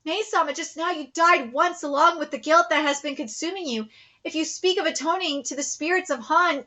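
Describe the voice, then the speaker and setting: A solemn, devoted male general from a manga, read aloud by a woman. He speaks in a formal, measured way, in a voice that stays high and bright. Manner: formal, measured reading of a man's lines.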